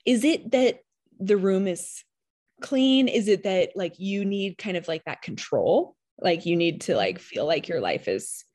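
A woman's voice: mid-range voice, animated, measured pace, a little mellow. A woman and mother chatting casually, rambling reflectively with many fillers. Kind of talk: casual chat.

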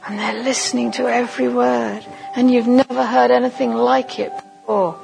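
A woman giving a sermon at a conference, leading listeners through a vivid imagined story in a slow, deliberate second-person voice. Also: a little high, steady tone, gravelly, a little mellow, faint music behind, poor audio. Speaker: conference speaker.

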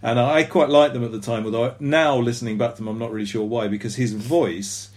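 A man in an easygoing podcast conversation, talking at a middle pitch. He rambles, hedges and pokes fun at himself, with plenty of ums and uhs. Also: fairly even intonation, a little fast, darkish tone. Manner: rambling, self-deprecating, many fillers. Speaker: podcast co-host. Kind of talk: casual chat.

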